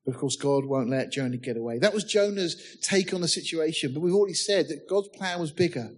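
Husky-voiced man preaching a sermon. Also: a little high, expressive, a little fast. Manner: preaches with humor and rhetorical questions; reads scripture aloud in old-fashioned wording. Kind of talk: sermon with Bible reading.

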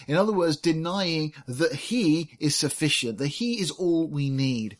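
A middle-aged man preaching to his congregation in an earnest, teaching manner. His voice sits a little higher than most men's, and he reads scripture aloud with deliberate emphasis. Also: animated. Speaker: pastor. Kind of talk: sermon.

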